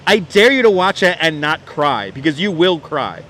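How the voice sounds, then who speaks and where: A man's voice: on the high side, big pitch swings, moderate pace, fairly bright tone, slight background noise. A man with a New York accent hosting a live stream outdoors, chatting casually, reading out comments, reminiscing and laughing often. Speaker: livestream host. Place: outdoors on a city street. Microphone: wireless clip-on mic.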